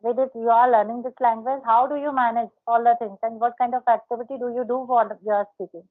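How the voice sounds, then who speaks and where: A fairly high-voiced woman coaching a learner over an online call, often repeating words as she works through how they should sound. The audio is narrow and tinny, like a phone line. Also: fairly even intonation, fast. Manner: repeats words while correcting pronunciation. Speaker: host, English speaking coach. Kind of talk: casual practice conversation.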